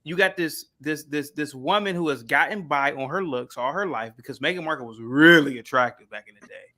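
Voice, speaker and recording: A man's voice: fairly high pitch, a little fast, sharp tone. A man talking as a guest in casual podcast chat, emphatic and profane as he tells his take.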